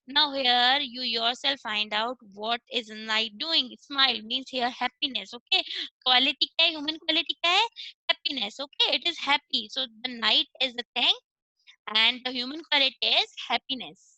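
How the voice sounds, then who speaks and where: A high-pitched Indian woman teaches an online class in a very bright, sharp voice. She explains each point step by step, slips between English and Hindi, and keeps checking with "okay". The sound is close and dry, with no room around it. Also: fairly quick, no room sound, rough recording.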